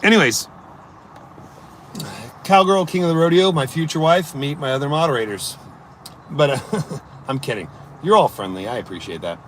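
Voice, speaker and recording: A man's voice: fairly high pitch, expressive, normal speed, pauses often, a little hiss or hum. A man telling a long story on a casual live stream, acting out his own thoughts as he rambles through it. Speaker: livestreamer reading chat.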